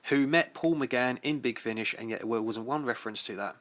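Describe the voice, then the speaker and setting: A man co-hosts a casual chat podcast at an ordinary pitch. He keeps chiming in with short agreements and jokey asides. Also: a bit bright. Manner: quick agreeing interjections, joking asides. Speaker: podcast co-host.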